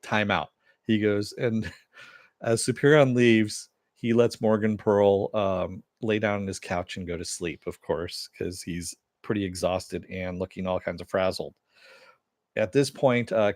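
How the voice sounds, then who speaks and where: A middle-aged man with a lowish voice casually recaps a TV episode and reads chat comments aloud. He rambles with plenty of "uh"s and chuckles. The sound is dry and close. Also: darkish tone, no room sound. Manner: rambling, many fillers, chuckles often. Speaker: TV show reviewer.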